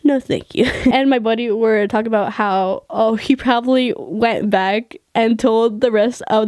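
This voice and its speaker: A woman telling casual stories straight to camera, animated and swearing freely, laughing mid-sentence. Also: on the high side, measured pace, few pauses, smooth, no room sound. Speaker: vlogger. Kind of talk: casual storytelling.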